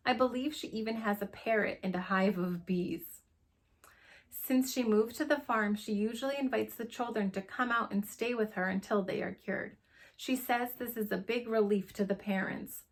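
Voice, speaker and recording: A teacher reading a chapter book aloud to young children, with expressive storytelling. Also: female voice, fairly high pitch, normal speed.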